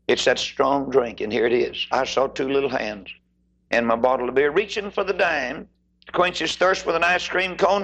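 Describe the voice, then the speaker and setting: Gravelly, husky man preaching a fiery sermon. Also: a bit bright. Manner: impassioned, sweeping pitch swings, acts out voices in stories.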